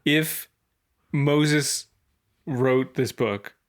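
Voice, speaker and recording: A man co-hosts a comedy podcast in an easy, chatty way, taking his time with each thought. He speaks slowly at a middle pitch and offers dry, wry hot takes. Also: clean tone. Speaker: podcast co-host. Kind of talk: casual comedic Bible chat.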